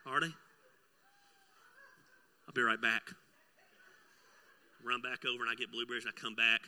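A middle-aged man, preaching a sermon and telling a personal story, swinging between loud bursts and hushed asides. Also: mid-range voice, little pitch movement, moderate pace. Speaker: pastor.

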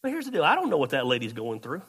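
A man pastor, telling a story in a sermon, shifting between loud outbursts and quiet asides. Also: on the high side, huge pitch swings, very fast, slightly rough.

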